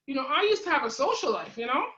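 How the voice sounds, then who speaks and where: Woman host, high pitched, bright sharp tone, dull lo-fi remote audio. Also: big pitch swings. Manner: halting, hesitant phrasing with fillers. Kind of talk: casual interview chat.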